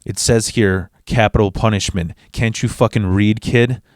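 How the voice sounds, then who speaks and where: A man quoting a gruff, scolding rock star. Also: lowish voice, steady tone, normal speed, no echo, clean studio sound, lightly acted. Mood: annoyed. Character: irritated, foul-mouthed adult male rock star.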